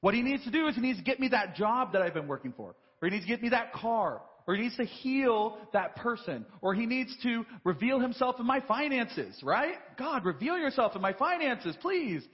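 A man's voice: extremely high pitch, big pitch swings, fairly quick, hardly any pauses, husky, long reverb tail, lo-fi sound. A man preaching a sermon as pastor, in a conversational style full of rhetorical questions and "right?" asides. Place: church sanctuary.

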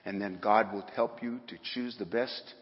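A man's voice: lowish voice, fairly even intonation, normal speed. Male preacher, folksy sermon delivery with emphatic peaks, muffled hall recording with a long echo. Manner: folksy, rising to emphatic bursts. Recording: dull sound in a hall with long reverb.

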